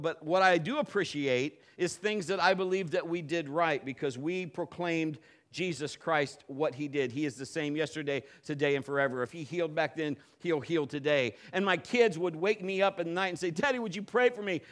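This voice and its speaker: Fervent male pastor, rising preacher voice. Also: brisk. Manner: builds from quiet, low teaching to loud, high-pitched preaching; folksy storytelling with many restarts. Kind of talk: sermon.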